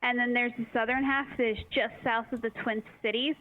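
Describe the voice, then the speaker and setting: A woman's voice: on the high side, steady tone, a little fast. A woman from Minnesota who works at a store, giving brief, matter-of-fact answers in a casual phone call. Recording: dull phone line.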